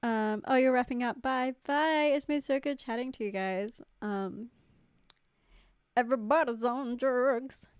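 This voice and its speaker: A woman's voice: fairly high pitch, normal speed, few pauses, clean tone, dry recording, clean studio sound. Giggly woman chatting on stream. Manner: chatty, giggly, lots of "like" fillers. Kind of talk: casual live-stream chat reading comments. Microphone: close studio mic.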